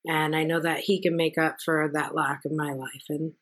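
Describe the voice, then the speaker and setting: A woman's voice: low-pitched, level tone, moderate pace, a bit bright. A woman hosting a podcast, a mother, speaking in a reflective, earnest way while thinking aloud. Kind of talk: casual interview conversation.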